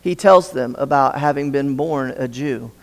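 Gravelly preacher in a big hall. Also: male voice, medium pitch, a little slow. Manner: storytelling, asks the audience questions. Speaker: pastor. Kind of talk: sermon. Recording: long hall reverb.

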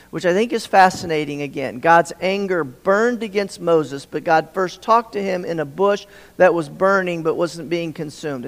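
A man's high, creaky voice delivers a sermon that rings with long hall reverb. Stammers and repeated words come often as he performs the conversations he quotes.

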